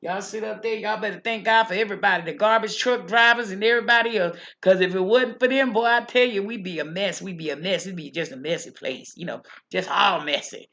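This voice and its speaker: A woman's voice: mid-range voice, a little fast, hardly any pauses, fairly bright tone, natural voice. Woman doing a folksy old church lady. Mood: folksy preaching. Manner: folksy, rambling, preachy, repeats phrases. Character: chatty older Southern church lady, preachy and sweet. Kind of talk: character monologue.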